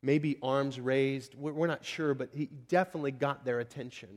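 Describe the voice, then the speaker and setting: A man's voice: mid-range voice, steady tone, normal speed. A male pastor preaching a sermon, telling the story dramatically with chatty asides and sudden drops to a near whisper. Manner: dramatic storytelling, swinging from hushed to shouting; conversational asides.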